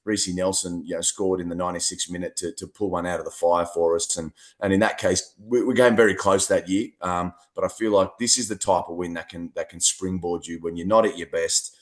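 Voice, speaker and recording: An Australian man co-hosting a podcast, chatting in a lively, rambling way and often repeating words. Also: low voice, fairly quick, hardly any pauses. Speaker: co-host. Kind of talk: casual podcast chat.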